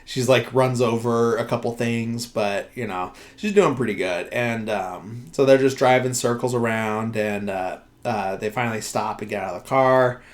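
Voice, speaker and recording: A man's voice: mid-range voice, moderate pace, few pauses. A man hosting a podcast, casually recapping a film scene by scene, with lots of "uh" and "like". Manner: rambling, filler-heavy, many "like" and "uh". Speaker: podcast host.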